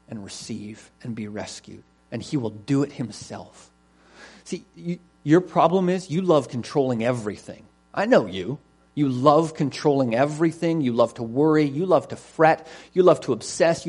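A man preaching a sermon, reading scripture and speaking emphatically, swinging between quiet and loud. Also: mid-range voice. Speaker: pastor.

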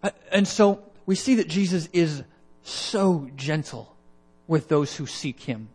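A man's voice: fairly high pitch, normal speed, a little mellow. A man preaching an expository sermon in an earnest way, often restarting and repeating words.

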